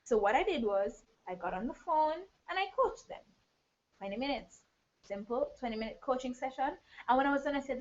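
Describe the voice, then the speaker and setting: A woman business coach giving an energetic live online training, talking straight to her viewers. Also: high voice, moderate pace, dull audio. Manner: energetic, addresses viewers directly.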